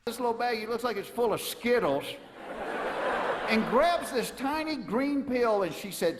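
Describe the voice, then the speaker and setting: A middle-aged comedian delivers wry stand-up stories in a very high, lively voice. He is recorded on a live stage, and the sound is echoey and thick with audience noise. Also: measured pace. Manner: wry storytelling. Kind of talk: stand-up routine. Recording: echoey hall with crowd noise.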